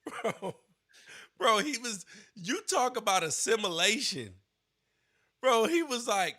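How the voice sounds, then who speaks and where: Male podcast co-host, high bright voice, lively joking sports talk. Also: slow, long pauses. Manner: animated, laughing, says bro a lot. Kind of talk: casual sports chat.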